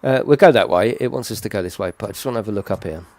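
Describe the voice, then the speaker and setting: A man's voice: lowish voice, racing, gravelly, a little mellow, no room sound. A middle-aged man giving casual, rambling game commentary full of tag questions. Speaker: gaming channel host.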